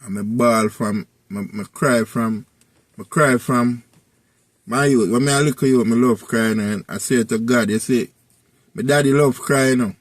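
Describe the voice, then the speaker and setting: A man's voice: mid-range voice, normal speed, no room sound. Rambling Jamaican man telling a story. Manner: rambling patois storytelling with repeated tag phrases. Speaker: vlogger. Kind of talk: casual storytelling.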